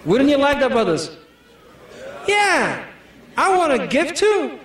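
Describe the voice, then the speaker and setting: A man's voice: very high voice, huge pitch swings, slow, a bit bright. A man giving a humorous sermon to a community, telling stories with many asides. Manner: jokey, storytelling, full of "you know". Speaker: Islamic speaker. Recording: echoey hall, mic far off.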